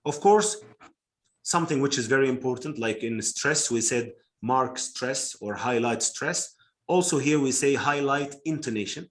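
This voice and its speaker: A male phonetics teacher explaining slowly to a class, with many fillers and repeated words. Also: medium pitch. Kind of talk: live online class teaching.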